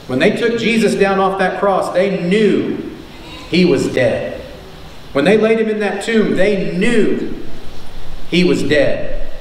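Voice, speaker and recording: A man with a high voice, a preacher and teacher, delivers an emphatic sermon in a church sanctuary, repeating key lines and asking rhetorical questions. The recording sounds echoey and distant from the mic, with a little faint noise.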